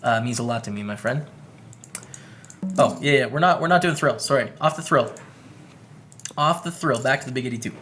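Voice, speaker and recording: A man's voice: medium pitch, a little fast, long pauses, a bit bright, a little hiss or hum. A man with a Canadian English accent gives upbeat, chatty commentary on his poker hands while streaming live and greeting viewers by name.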